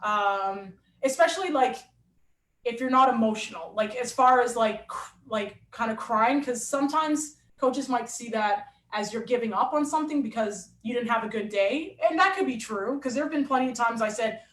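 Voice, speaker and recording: A woman athlete and coach telling a story in a lively, animated way in a casual interview. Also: a little high, moderate pace. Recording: roomy echo.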